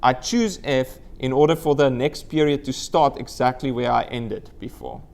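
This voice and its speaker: A man's voice: mid-range voice, normal speed, creaky, darkish tone. A man giving a live university lecture, quizzing the class and letting out playful whoops. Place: lecture room with students.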